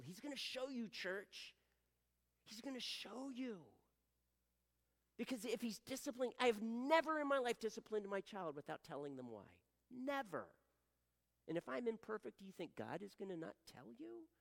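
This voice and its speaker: A middle-aged man preaching a sermon as pastor, animated and swinging from quiet asides to loud emphatic pleading. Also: fairly high pitch. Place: church sanctuary. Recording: long hall reverb.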